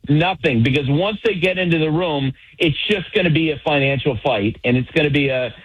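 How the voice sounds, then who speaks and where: A man's voice: fairly high pitch, husky. A middle-aged man talking baseball as an analyst on sports radio, opinionated and rattling off examples. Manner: opinionated, piles up quick examples. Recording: dull lo-fi radio sound.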